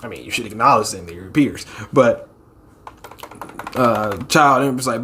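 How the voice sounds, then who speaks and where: A young man casually reading a manga chapter aloud and reacting, laughing often, swearing, and pitching his voice way up for the characters. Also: moderate pace, pauses often, slight background noise. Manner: animated, laughs often, swears, acts out characters in a high squeal.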